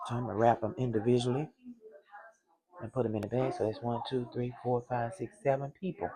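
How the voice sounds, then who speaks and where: Chatty woman with a gravelly voice. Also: a bass voice, level tone, a little fast, noisy background. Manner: chatty, exclaims and laughs often. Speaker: cooking vlogger. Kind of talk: casual kitchen chat to viewers.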